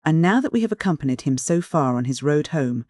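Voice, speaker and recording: A man narrating a classic novel as an audiobook in a measured, even storytelling manner. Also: fairly high pitch, dry recording, studio quality.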